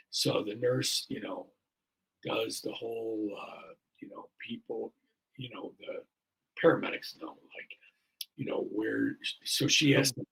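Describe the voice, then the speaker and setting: A man in his sixties, a fire chief appearing as a podcast guest, tells a casual story in an earnest, rambling way full of fillers. His mid-range voice is gravelly, husky, and a bit bright, and he speaks at a measured pace. The recording is rough.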